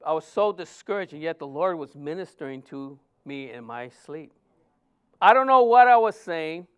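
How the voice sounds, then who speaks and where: A man's voice: fairly high pitch, moderate pace, clear, resonant tone. A male pastor of Mexican heritage preaching a sermon, telling personal stories and acting out the voices of the people in them. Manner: animated, acts out quoted voices in stories.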